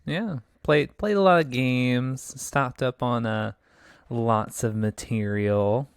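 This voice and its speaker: A man's voice: medium pitch, slow, clean tone, no echo, clean studio sound. A man co-hosting a gaming podcast, answering in a laid-back, easygoing way. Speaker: podcast co-host. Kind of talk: casual chat.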